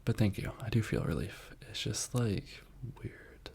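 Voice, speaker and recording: Man, soft-spoken ASMR chat host, deep voice, gravelly fry, earnest rambling, slips into whispers. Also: unhurried. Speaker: ASMR channel host reading viewer messages.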